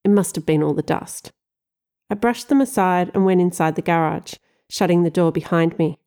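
A woman reads a first-person audiobook with wry, expressive delivery. Her voice sits fairly low for a woman and has a soft, mellow tone. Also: moderate pace. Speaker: audiobook narrator.

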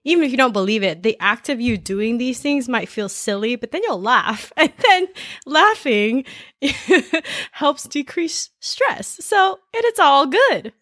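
A woman co-hosting a casual chat, bubbly and quick to laugh. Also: high voice, very animated, a bit bright, dry recording, studio quality.

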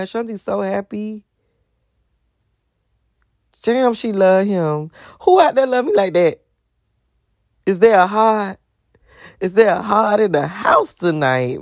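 A young woman in her twenties talking in a casual, rambling, profane way, animated and sometimes breaking into song. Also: medium pitch, slow, pauses often, dry recording, studio quality. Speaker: vlogger.

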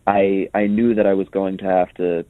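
Guest, male, very low voice, halting with lots of ums, dry tinny phone line. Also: flat delivery, no room sound. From New York. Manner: hesitant, many ums and restarts. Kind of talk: casual interview answers.

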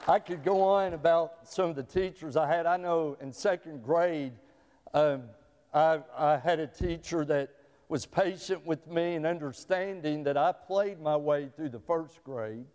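Folksy stories and frequent repetition mark this middle-aged man's sermon as pastor in a church sanctuary. His voice is on the high side, a little slow and a little mellow, echoing with the long reverb of a big hall.

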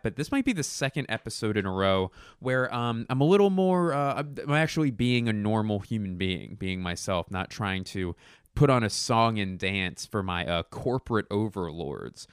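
A man's voice: lowish voice, big pitch swings, moderate pace, clean tone, dry recording, clean studio sound. A man hosting a solo podcast from home, rambling, jokey and self-deprecating into a podcast microphone. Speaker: podcast host. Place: home room.

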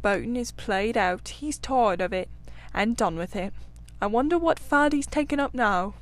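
Woman voicing a good-natured male water rat, cheerful, brisk, storybook, slightly high voice. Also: animated, soft background music, lightly acted. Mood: fond.

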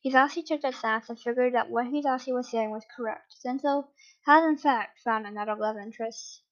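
A woman's voice: on the high side, a little fast. Woman reading a story, lo-fi. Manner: steady with occasional self-corrections. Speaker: reader. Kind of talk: reading fan fiction aloud.

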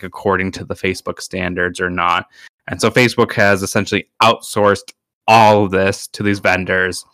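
Low and sharp in tone, this man's voice is captured at studio quality with no room sound. In casual chat as a podcast co-host, he rambles and uses a lot of filler words.

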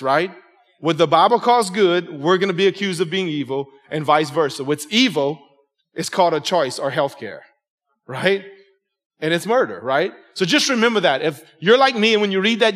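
A man in his forties preaching a sermon with a slightly raised pitch, his words landing with conversational emphasis. He keeps checking in with the congregation. A long church reverb trails after each phrase. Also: a bit bright. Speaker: pastor.

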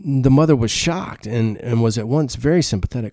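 Warm-voiced preacher giving a sermon. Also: male voice, mid-range voice, brisk, no echo, studio quality. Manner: earnest, conversational, repeats words. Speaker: pastor.

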